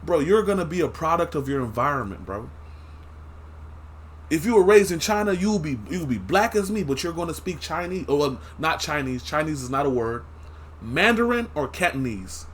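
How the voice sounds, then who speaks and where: Brief: male streamer, husky, animated slang-heavy rants. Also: a little high, moderate pace. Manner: animated, slangy, laughs often. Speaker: reaction streamer. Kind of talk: casual commentary.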